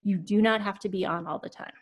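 A woman's voice: medium pitch, steady tone, quick pace. A woman from Colorado co-hosting a casual talk, earnest and encouraging, swearing now and then. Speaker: podcast co-host, tarot teacher. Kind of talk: casual chat.

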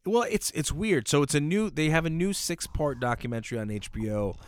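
A man's voice: on the high side, animated, fairly quick, clear, resonant tone. A man co-hosting a casual chat show, rambling and often filling with "what do you call it". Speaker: podcast co-host.

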